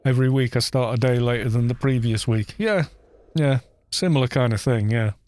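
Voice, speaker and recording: A gaming streamer from Wales, speaking with a Welsh accent, has a medium-pitched, darkish voice and a brisk pace. He chats casually during a live stream, rambling and tossing in joking asides as he plays a game.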